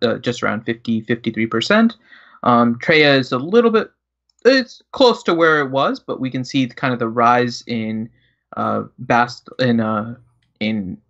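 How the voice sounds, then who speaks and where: A man hosting a gaming live stream, explaining stats in a halting, filler-heavy way. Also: mid-range voice, fairly bright tone, highs cut off. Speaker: stream host giving the meta report.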